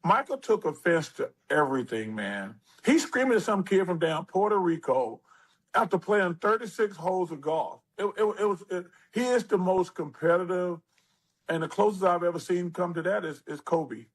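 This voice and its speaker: Older male guest, husky, slightly high-pitched, animated casual storyteller. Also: normal speed. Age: 60s. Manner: animated storyteller, drawling, lively asides. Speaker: interview guest.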